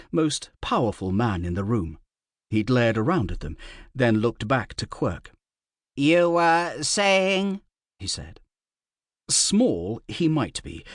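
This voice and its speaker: A male narrator reads a fantasy audiobook with wry, measured storytelling. His mid-range voice rises and falls with animated intonation. The sound is close and dry with no room around it. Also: medium pitch, no room sound.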